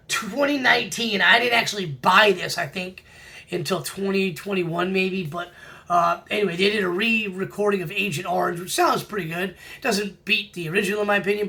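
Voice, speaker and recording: Gravelly, bright-toned man chatting about records. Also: high-pitched. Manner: enthusiastic, many fillers and restarts. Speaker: record collector vlogger. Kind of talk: casual vinyl review chat.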